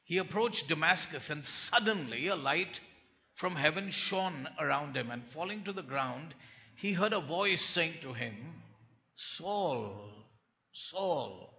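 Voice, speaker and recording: A man preaches a sermon in a slow, gravelly voice that sits a little high for a man. He swings from hushed lines to loud, forceful bursts. The recording is dull and carries a long hall reverb. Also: expressive. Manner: dramatic swings between soft and loud delivery. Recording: dull, echoey hall sound.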